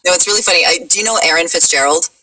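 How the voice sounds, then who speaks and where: A woman guest in a casual chat, talkative and quick to laugh. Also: fairly low pitch, distant mic, noisy background. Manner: chatty, laughs easily. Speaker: guest, voice actress.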